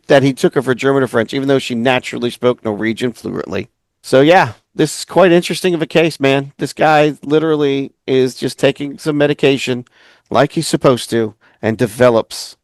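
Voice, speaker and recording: A man's voice: medium pitch, dry recording. Dry-sounding man co-hosting a podcast. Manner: relaxed, chatty, laughs often. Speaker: podcast co-host. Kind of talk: casual chat, reading out an article.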